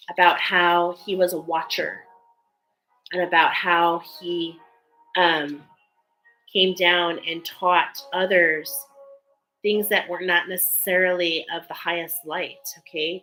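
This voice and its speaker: A woman's voice: fairly low pitch, bright, forceful tone, poor audio. A woman giving a spiritual card reading in an earnest, emotional way, reading card texts aloud between loose, filler-filled remarks. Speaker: tarot card reader.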